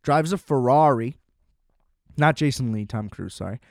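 Man in his 20s, casual movie rant, sarcastic, swears a lot, middle pitch, dry close sound. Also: animated, normal speed, gravelly, no room sound. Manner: sarcastic, profane, scoffing. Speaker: film reviewer. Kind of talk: casual ranting movie review.

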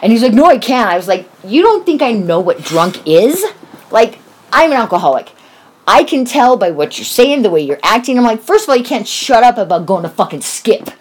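A woman's voice: a little high, fairly quick, slight background noise. A woman in her forties telling a story in casual chat, swearing often and acting out what people said. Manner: animated, swears often, acts out quoted voices.

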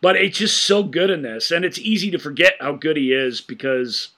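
Male podcast co-host, bright tone, eager and excitable, trips over his words when excited. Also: fairly high pitch, normal speed. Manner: enthusiastic, animated retelling with frequent stammered restarts. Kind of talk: casual film-discussion podcast chat.

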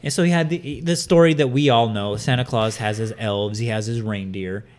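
A man's voice: on the low side, moderate pace, a little mellow. A man co-hosting a casual podcast, rambling through a story with lots of fillers and swearing. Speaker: podcast co-host.

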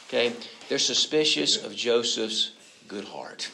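A man preaching a conversational sermon, acting out quoted voices and swinging between soft and loud. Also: medium pitch, unhurried, gravelly. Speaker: pastor.

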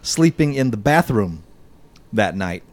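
A man's voice: lowish voice, sing-song, a little slow. A man hosting a casual podcast, reading news items aloud and then chatting and joking with his co-hosts.

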